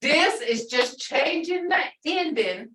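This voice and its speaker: A woman teaches a language class in a slow, unhurried way, her high voice swinging widely up and down. She is playful, laughs often and repeats phrases. Her voice sounds roomy and a little distant from the mic. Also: animated, pushed and bright. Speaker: language instructor.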